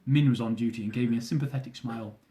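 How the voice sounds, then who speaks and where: A young man reads from his own travel memoir, his humor dry and self-deprecating. His voice is warm and mellow at a typical middle pitch for a man, and he keeps a steady tone while racing along.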